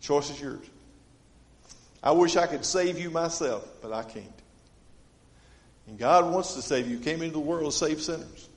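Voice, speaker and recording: A man preaching a sermon to his congregation, earnest and dynamic, swinging from loud appeals to hushed, quiet lines. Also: a little high, normal speed, long pauses. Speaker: pastor. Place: church. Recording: long reverb of a church sanctuary.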